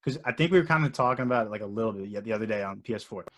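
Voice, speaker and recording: A young man hosting a casual podcast, rambling and excitable with lots of fillers. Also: lowish voice, very fast, a loud crowd. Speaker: podcast host. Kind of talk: casual chat.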